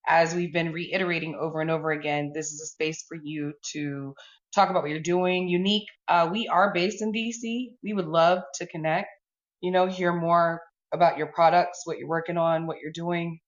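A woman's voice: on the low side, fairly even intonation, moderate pace, dull audio. A woman hosting a live audio chat room, welcoming and organized, keeping things on schedule. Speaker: room host.

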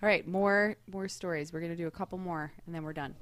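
A woman's voice: fairly low pitch, steady tone, quick pace, a bit bright, slight background noise. A woman co-hosting a podcast in casual chat, teasing and laughing often. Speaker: podcast co-host.

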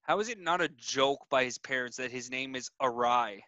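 Man, podcast host, bright tense tone, relaxed, very dry sound. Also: medium pitch, normal speed, no room sound, dull audio. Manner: easygoing, filler-heavy. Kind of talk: casual chat.

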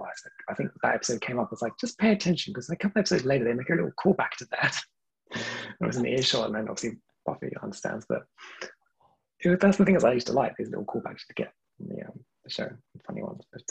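A man's voice: medium pitch, creaky, breathy edge, low-quality recording. A man in casual podcast chat, rambling and hedging, laughing often between thoughts. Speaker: podcast guest.

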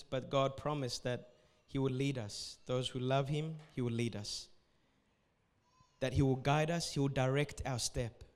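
A man's voice: fairly high pitch, long reverb tail. A man preaching as pastor at a church service, giving earnest, repetitive exhortations and closing with a prayer.

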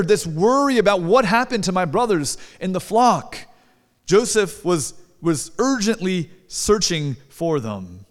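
A man preaching a sermon in a church, conversational and asking the congregation questions. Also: high voice. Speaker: pastor. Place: church sanctuary. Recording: long hall reverb.

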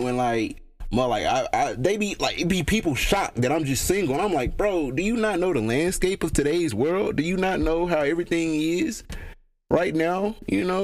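A young man, talking casually to camera in a rambling, slangy, profane way, his pitch jumping up and down. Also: darkish tone. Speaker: solo vlogger. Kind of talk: casual monologue.

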